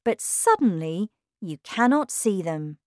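A woman reads a simple story and its word list very slowly and carefully. Her voice moves in a lively melody. The sound is dry and close. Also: medium pitch, dry recording. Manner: careful, clearly paced reading. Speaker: narrator. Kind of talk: slow storybook reading for learners.

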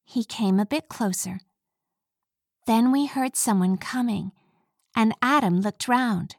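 A woman reads a first-person story aloud, slowly and carefully with clear diction. Her voice is fairly high for a woman. The recording is close and dry. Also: no room sound. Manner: slow, clear, careful reading. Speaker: audiobook narrator.

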